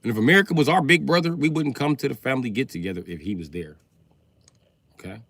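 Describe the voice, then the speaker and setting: A man hosts a livestream and goes on a crude, loose comedic rant. His pitch swoops all over the place, and his voice has a bright, forward edge in an ordinary middle register. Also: fast talker, no echo. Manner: loose, crude, animated ranting. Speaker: livestream host.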